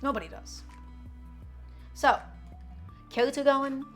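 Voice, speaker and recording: A woman's voice: high voice, lively intonation, slow pace, soft background music. Chatty woman cooking on a live stream. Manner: chatty, upbeat, answers chat while cooking.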